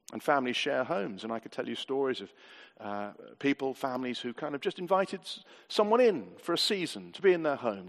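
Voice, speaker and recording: Man preaching in a reverberant hall. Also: medium pitch. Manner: earnest, conversational, with many rhetorical questions. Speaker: pastor. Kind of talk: sermon. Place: church hall.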